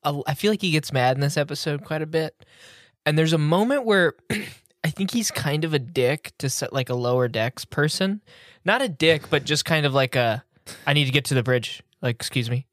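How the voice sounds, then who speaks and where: Podcast co-host: animated delivery, dry recording, crude laughing banter. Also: mid-range voice, moderate pace, no room sound. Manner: laughing often, crude jokes. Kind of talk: casual chat reviewing a TV episode.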